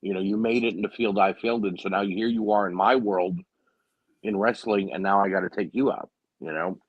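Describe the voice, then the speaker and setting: A man's voice: lowish voice, a little fast, breathy edge, dry recording, highs cut off. A man co-hosting a casual wrestling recap, opinionated and often saying "you know what I mean.". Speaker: podcast co-host.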